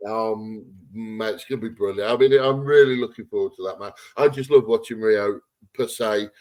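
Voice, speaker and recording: A man's voice: fairly low pitch, moderate pace, a little mellow. A man co-hosting a wrestling podcast, giving blunt opinions with frequent laughs and restarts. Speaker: podcast co-host. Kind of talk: casual wrestling chat.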